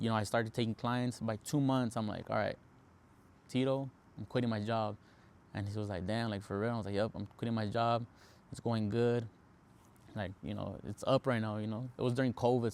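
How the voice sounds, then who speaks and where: A man's voice: medium pitch, a little mellow. Young male podcast host, casual storyteller, easygoing and chatty, mid-range voice. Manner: laid-back, lots of fillers, mixes in Spanish slang.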